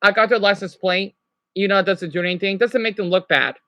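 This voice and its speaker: A man's voice: high voice, dry recording, highs cut off. A young man ranting on a live stream. He rambles, swears often and keeps apologizing. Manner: rambling, profane, quick to apologize.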